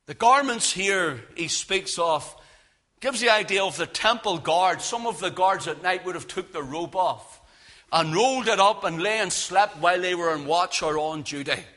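A man preaching a fervent sermon, swinging between hushed warnings and loud cries. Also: high voice, lively intonation, moderate pace.

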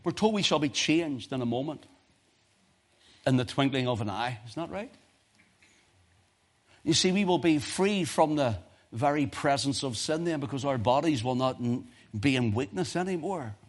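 A man preaching a sermon, swinging from quiet, urgent asides to impassioned cries, quoting scripture in old-fashioned wording. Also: medium pitch, animated, normal speed, long pauses. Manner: archaic scripture quotations in King James wording.

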